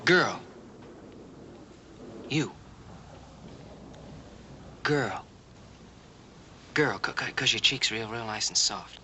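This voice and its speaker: An actor playing a patient man who coaxingly teaches a deaf girl sign language, repeating single words slowly, in 1960s TV western acting. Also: on the low side, pushed and bright, heavily acted. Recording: noisy old TV soundtrack.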